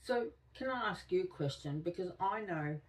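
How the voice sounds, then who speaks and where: Deep-voiced woman, slightly off-mic. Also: lively intonation, moderate pace, far from the mic. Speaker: podcast co-host. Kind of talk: reflective casual conversation.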